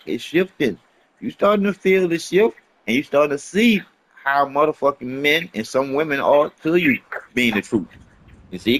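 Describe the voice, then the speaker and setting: A man delivering a rambling, emphatic motivational monologue in casual street slang, repeating his points and swearing often. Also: fairly high pitch. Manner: emphatic, profane, repetitive preaching.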